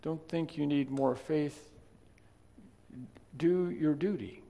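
Male preacher, gravelly, talky asides rising to forceful emphasis, in a reverberant hall. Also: a little high, takes it slowly. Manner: conversational, swings from quiet asides to emphatic loud stresses. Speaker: pastor. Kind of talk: sermon. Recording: long reverb of a large hall.

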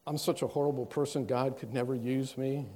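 A man preaching a sermon, reading scripture aloud with measured stress and then explaining it in plain words. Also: medium pitch, steady tone, warm tone. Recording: long hall reverb.

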